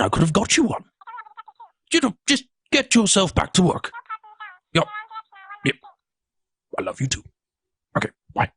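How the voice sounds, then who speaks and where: A man doing a comic impression of a bumbling, blustery British prime minister in a British accent, swinging between loud bursts and hushed asides. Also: high voice, slight background noise, heavily acted. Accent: British English. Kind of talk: comedy sketch impression.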